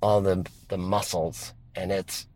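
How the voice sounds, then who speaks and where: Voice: deep voice, level tone, slow, a little mellow, rough recording. A person chatting casually on a comedy podcast, playful and laughing, riffing into silly bits. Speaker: podcast co-host or guest.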